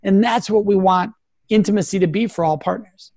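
A man's voice: high-pitched, brisk, darkish tone, no echo, studio quality. A man who is a guest expert on a radio talk show, speaking earnestly and coaching listeners with example phrases. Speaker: guest expert on sexual respect.

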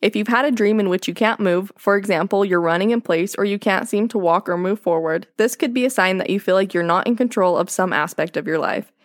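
A woman's voice: mid-range voice, a little fast, hardly any pauses, no room sound, clean studio sound. A young woman co-hosting a casual podcast, reading notes aloud and often breaking into giggles. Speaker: podcast co-host.

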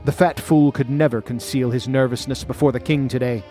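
A man voicing a scheming, ambitious outlaw noble who speaks in a measured, scornful, domineering way. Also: medium pitch, fairly even intonation, dark tone, soft background music, lightly acted. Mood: commanding.

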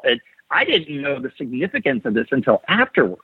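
A husky-voiced man from Ohio, in his forties, chats as a podcast guest over a tinny, phone-like line. His voice sounds dry and close. He tells his stories eagerly and restarts his sentences again and again. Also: medium pitch, sing-song, a little fast, no echo. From Ohio, USA. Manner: eager storytelling with frequent restarts. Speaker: podcast guest, model builder. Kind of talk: casual interview chat. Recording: tinny phone-like call audio.

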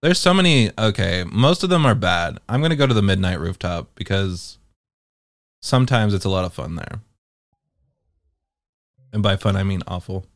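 Man, casual gameplay commentary, wry profane asides, lively low voice, dry sound. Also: normal speed, pauses often, no room sound. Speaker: vlogger exploring social game worlds.

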